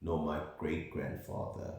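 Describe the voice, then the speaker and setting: Man from South Africa, low voice, unhurried earnest ramble; recorded roomy and distant. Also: level tone, darkish tone. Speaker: vlogger. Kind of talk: casual monologue to camera. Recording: very echoey, far from the mic.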